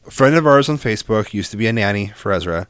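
Rambling, profane man with a low voice. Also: lively intonation, fast, a bit bright, smooth, no echo. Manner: rambling, profane storytelling with restarts. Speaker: podcast co-host. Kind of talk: casual chat.

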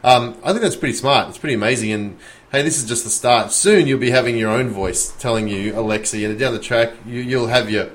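An Australian man co-hosting a podcast in casual chat, enthusiastic and animated, talking in quick bursts. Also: mid-range voice. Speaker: podcast co-host.

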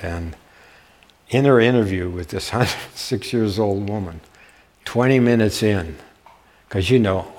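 A man's voice: lowish voice, breathy edge. An older man giving a public history lecture with slides, telling stories folksily and often checking in with his audience. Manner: folksy storyteller, checks in with "okay?". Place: warm lecture room.

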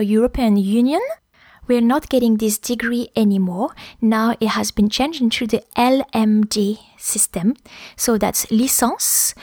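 A woman's voice: a little high, darkish tone, no echo, clean studio sound. A woman with a French accent hosting a podcast language lesson, explaining words carefully and spelling them out letter by letter. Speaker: French teacher, podcast host.

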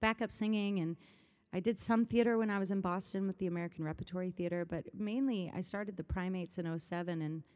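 A woman's voice: lowish voice, steady tone, fairly quick, darkish tone. A woman musician in her thirties in a casual interview, chatting animatedly, often laughing and rambling through stories. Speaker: musician guest.

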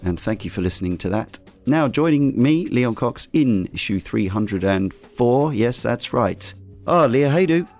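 A man's voice: medium pitch, expressive, a little slow, darkish tone, faint music behind. A man hosting a casual podcast chat, rambling with fillers and restarts. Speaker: podcast host.

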